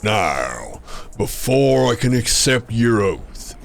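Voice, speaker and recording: A stern, formal military commander barks orders in a low, gravelly register, as a man puts him on. He speaks in archaic, official phrasing with lively swings in pitch. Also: slow pace, soft background music, heavily acted. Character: gruff male military commander.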